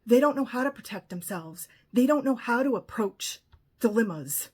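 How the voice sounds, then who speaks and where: A woman with a fairly high voice tells a personal story in a long monologue. She speaks emphatically and indignantly, acting out the quotes as she goes. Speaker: vlogger.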